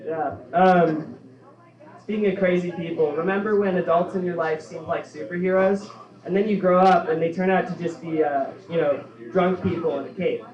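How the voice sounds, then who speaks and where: A young man doing a stand-up set, halting and offhand, with lots of fillers. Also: on the high side, steady tone, darkish tone. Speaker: stand-up comedian. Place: comedy club stage. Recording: echoey, dull room recording from far off. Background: audience laughter.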